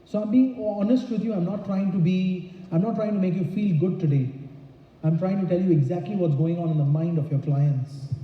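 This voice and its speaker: A man with a high voice coaches a room of salespeople, pressing each point with rhetorical questions. His voice rings through a large hall with a long reverb, and the recording sounds muffled. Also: distant mic. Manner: emphatic, throws rhetorical questions at the audience. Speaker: insurance sales trainer. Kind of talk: seminar talk to an audience. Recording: echoey dull hall recording.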